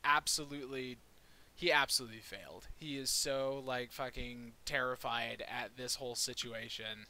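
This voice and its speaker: A man's voice: medium pitch, steady tone, moderate pace, pushed and bright. A man narrating as dungeon master, casual and rambling with many fillers. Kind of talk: narrating a tabletop game.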